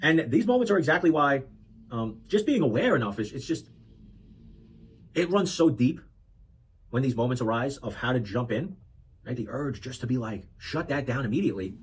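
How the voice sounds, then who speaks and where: Casting note: earnest man in his thirties, husky mid-range voice, reflective monologue with frequent restarts. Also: mid-range voice, sing-song, moderate pace, pauses often, rough recording. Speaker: parenting vlogger. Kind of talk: reflective talk to camera.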